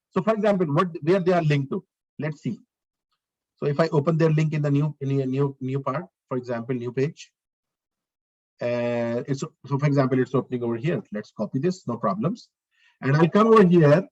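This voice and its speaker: A man's voice: on the high side, rough recording. Man teaching a live web coding class. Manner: talks through steps while working, repeats phrases, asks the class questions. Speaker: lecturer. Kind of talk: live online coding lecture.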